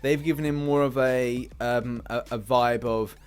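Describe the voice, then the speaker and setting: British male gaming host, mid-pitched, casual and rambling, with light music in the background. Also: fairly even intonation, measured pace, a little mellow, clear, resonant tone. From Britain. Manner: rambling, lots of fillers and restarts. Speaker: game channel host. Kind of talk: casual game commentary.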